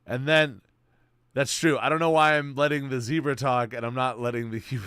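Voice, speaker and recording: A man's voice: mid-range voice, a little fast, bright, forceful tone, smooth, dry recording, clean studio sound. Slangy, rambling young streamer guy. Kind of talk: casual chat.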